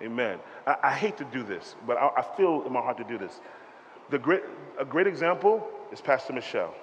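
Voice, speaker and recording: A man preaching a sermon as pastor, animated and rhythmic, calling out to the congregation to respond. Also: mid-range voice, fairly quick, lo-fi sound, a little hiss or hum. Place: church sanctuary. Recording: reverberant hall with faint ambience.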